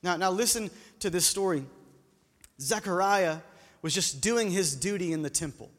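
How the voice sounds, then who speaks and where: A man's voice: high-pitched, normal speed, fairly bright tone. A man preaching a sermon in a church, speaking conversationally, asking the congregation questions and repeating words as he restarts. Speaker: pastor. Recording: long hall reverb.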